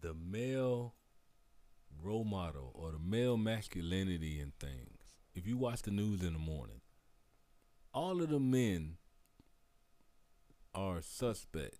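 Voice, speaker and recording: A man's voice: lowish voice, dark tone. A man co-hosting a podcast, giving his opinions in casual chat. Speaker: podcast co-host.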